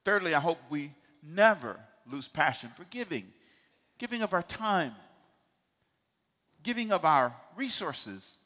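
Middle-aged male pastor with a high, very bright voice; emphatic call-and-response sermon. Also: sing-song, a little slow, pauses often, long reverb tail. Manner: emphatic call-and-response preaching, swings from quiet asides to shouting. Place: church sanctuary.

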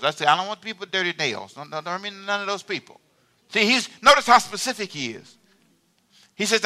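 A man's voice: high-pitched, fast talker. A male pastor preaching a sermon in a church, talking conversationally with the congregation and calling for amens. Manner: animated, conversational preaching with call-and-response. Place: church sanctuary.

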